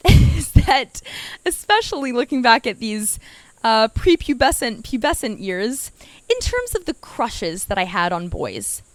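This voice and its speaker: A woman's voice: medium pitch, fairly bright tone, no room sound. A young woman, hosting her own podcast and telling personal stories in a chatty, playful way that speaks straight to her listeners. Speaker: podcast host. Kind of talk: casual personal storytelling.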